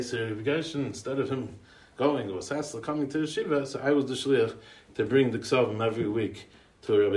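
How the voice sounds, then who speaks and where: An American man's medium-pitched, darkish voice delivers a eulogy built from chatty anecdotes, his English full of Yiddish and Hebrew yeshiva words. His manner is rambling, with restarts and chuckles. It's recorded in a roomy space on a distant mic.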